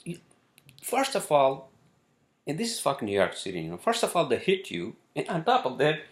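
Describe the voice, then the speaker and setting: A man's voice: fairly high pitch, big pitch swings, a little fast. A man telling a story in a casual rant, exasperated, swearing often and restarting his sentences. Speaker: vlogger. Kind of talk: casual ranting monologue. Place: city where he lives.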